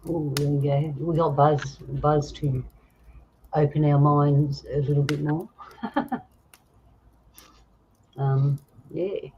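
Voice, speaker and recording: Chatty Australian woman, lower voice. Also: fairly even intonation, takes it slowly, long pauses, mellow. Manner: chatty storyteller, laughs often. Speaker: host. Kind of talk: casual livestream chat. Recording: dull lo-fi sound with faint noise.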